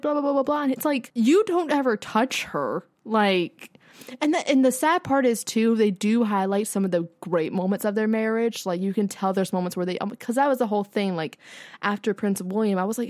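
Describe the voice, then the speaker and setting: With a mid-range, darkish voice captured at studio quality and without echo, a young woman co-hosts a podcast. She chats casually, leaning on "like" fillers and cursing frequently.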